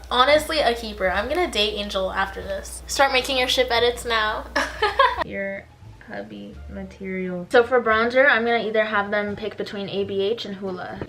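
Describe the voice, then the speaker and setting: A young woman beauty vlogger chats casually through a makeup video in a mid-range, slightly bright voice. She's bubbly and giggly, filling her speech with lots of "like."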